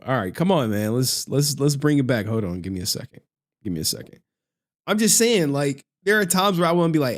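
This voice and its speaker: A male streamer talking casually to his chat, his pitch swinging widely as he laughs and riffs. His talk is loose and full of slang. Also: big pitch swings, fairly quick.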